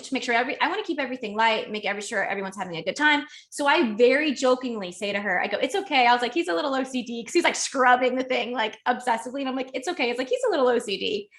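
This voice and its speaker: A young adult woman speaks as a podcast guest, telling a personal story in a casual, conversational way. Her voice sits a bit high. She is animated and emotional, often breaking off and restarting her sentences.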